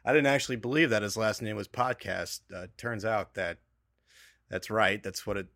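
A man guesting on a comedy podcast, spinning a story in a relaxed, meandering way with plenty of "uh"s. His voice is fairly low. The recording is dry and close. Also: moderate pace, no room sound. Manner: laid-back storyteller, frequent fillers and "right?". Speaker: guest, copier salesman.

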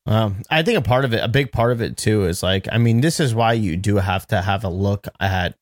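A man's voice: fairly low pitch, a little fast, no room sound, clean studio sound. A man co-hosting a podcast in casual chat, ranting bluntly with plenty of swearing. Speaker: podcast co-host.

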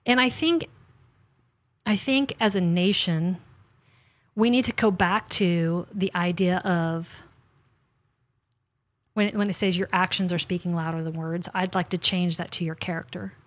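Chatty animated woman author. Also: fairly low pitch, a little slow, long pauses, no echo. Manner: chatty and animated, quoting God in asides. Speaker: author and podcast host. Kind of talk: casual faith conversation.

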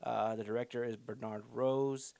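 A man's voice: medium pitch, steady tone, moderate pace, gravelly, a little mellow, dry recording. A man hosting a casual movie-talk podcast, reading film details in a loose, profane way. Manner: loose, profane, reads synopsis off-handedly. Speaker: podcast host.

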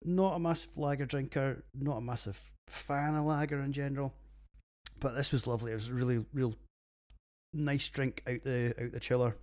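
A middle-aged Scottish man hosts a solo podcast, delivering blunt, sweary, jokey beer reviews like rough pub banter in a casual monologue. His medium-pitched voice is steady, moderately paced and a little mellow.

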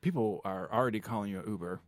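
A man's voice: lowish voice, racing, no room sound. A man co-hosting a podcast in casual chat, playful and teasing, full of crude jokes. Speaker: podcast co-host.

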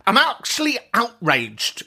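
A woman's voice: on the high side, measured pace, slightly rough. Sweary outraged woman ranting. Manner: animated, sweary, outraged rant. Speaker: podcast host. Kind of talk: casual ranting chat.

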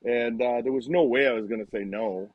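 A man in his fifties, a retired hockey player, telling lively anecdotes as a guest and acting out the lines people said. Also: mid-range voice, brisk, no room sound, narrow, tinny audio. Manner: animated anecdotes, acts out quoted lines. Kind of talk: casual storytelling on a live show.

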